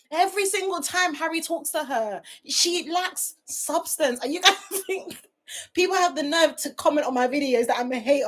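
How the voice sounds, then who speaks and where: A woman hosts a casual live review, talking straight to her audience. Her voice sits fairly high and moves expressively up and down. She often dissolves into laughter as she goes. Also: moderate pace. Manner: animated, often breaking into laughter, talking to viewers directly. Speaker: reality TV reviewer hosting a livestream. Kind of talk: casual chat.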